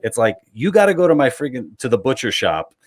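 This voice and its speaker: A man's voice: mid-range voice, very animated, fairly quick. A man hosting a comedy podcast, rambling loosely with swearing and restarts. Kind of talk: casual comedic chat.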